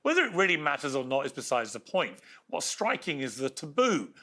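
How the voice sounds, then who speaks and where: A man's voice: on the high side, sing-song, a little fast, pushed and bright. A man hosting a TV talk show, reading a scripted intro and questioning a guest. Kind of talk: interviewing a guest.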